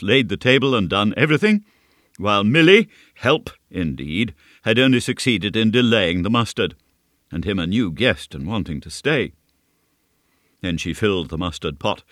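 A man reading a classic novel aloud as scripted narration, in a measured, steady storytelling manner. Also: lowish voice, no room sound, studio quality. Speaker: audiobook narrator.

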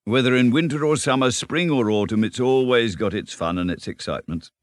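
A man reading a storybook, voicing a cheerful, self-assured male water rat who talks briskly and chattily. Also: medium pitch, no room sound, clean studio sound, pitched above the performer's own voice, lightly acted. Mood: chatty. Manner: brisk, chatty, lightly laughing.

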